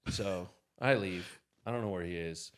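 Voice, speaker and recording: A man telling an anecdote as a podcast guest, animated and acting out the people in his story. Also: low-pitched, normal speed.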